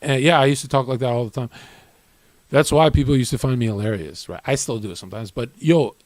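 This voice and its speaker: A man's voice: mid-range voice, fast talker, darkish tone, no room sound. A man giving a blunt, profane rant as a streamer, often ending lines with "right?". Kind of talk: brash motivational rant.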